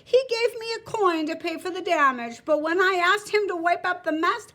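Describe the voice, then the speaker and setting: A woman's voice: very high-pitched, normal speed, sharp tone, pitched above the performer's own voice. A woman voicing a pushy, greedy male shopkeeper in a story she reads aloud. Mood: indignant.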